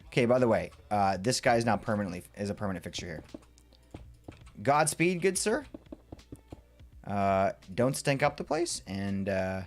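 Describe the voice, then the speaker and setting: A man's voice: fairly low pitch, moderate pace, pauses often, faint music behind. A man streaming live, chatting casually with his viewers as he builds and ranting playfully, sometimes muttering under his breath. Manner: excitable and rambling, reacting to chat with playful rants. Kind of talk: casual livestream chat while building in a game.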